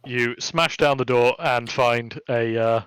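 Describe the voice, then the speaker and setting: A man running a tabletop game as game master, narrating in a relaxed, chatty way with many fillers. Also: medium pitch, slow, smooth, dry recording.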